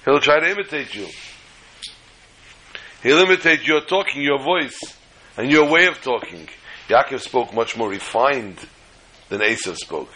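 Bright-voiced man teaching a Torah class. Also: mid-range voice, measured pace, pauses often, husky, poor audio. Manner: animated storytelling, acts out dialogue.

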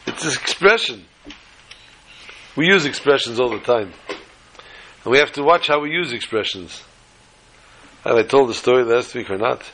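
A man's voice: medium pitch, expressive, normal speed, pauses often, fairly bright tone, a little hiss or hum. A man giving a storytelling talk to a small gathering, folksy and fond of joking asides.

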